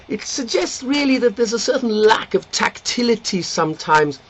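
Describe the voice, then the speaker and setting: A man telling jokes in an animated way and breaking into song. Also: extremely high pitch, moderate pace. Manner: animated storyteller, slips into voices and song. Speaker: comedic commentator and singer. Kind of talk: joke-telling with songs. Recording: dull lo-fi with faint guitar.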